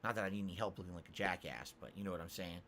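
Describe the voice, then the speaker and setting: A livestream host with a low voice fires off rapid, sharp-toned answers to viewer questions in casual chat, restarting often. He reads questions from the chat with a sarcastic, self-mocking manner, and there's slight background noise.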